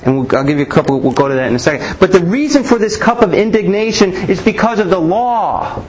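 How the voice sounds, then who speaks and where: A man's voice: high-pitched, expressive, quick pace, a little mellow, slight background noise, poor audio. A man preaching a Bible teaching sermon, asking rhetorical questions and often restarting his sentences.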